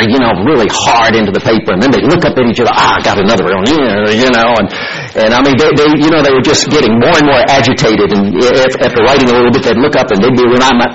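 A man's voice: medium pitch, a bit bright, highs cut off. A male pastor reading scripture and then preaching, telling stories in a folksy way with many fillers and repeated words.

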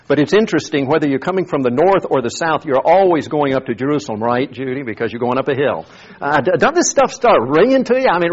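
Male pastor, casual sermon delivery with restarts, slightly husky voice, dull lo-fi recording. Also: on the high side. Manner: conversational, repeats words while thinking. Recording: dull lo-fi sound.

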